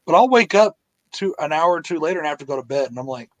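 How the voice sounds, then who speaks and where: A man's voice: on the high side, expressive, quick pace. A man hosting a live podcast, chatting casually and crudely with lots of swearing. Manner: crude, swears freely, laughs often. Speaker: podcast host.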